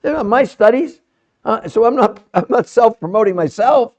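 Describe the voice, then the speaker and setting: A middle-aged man hosting a live stream, speaking fiercely and insistently, sometimes dropping into quiet asides. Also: very high voice, lively intonation, normal speed. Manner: fiery and insistent, often trailing off into quiet asides. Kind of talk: energetic live-stream pitch. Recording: dull lo-fi live-stream audio.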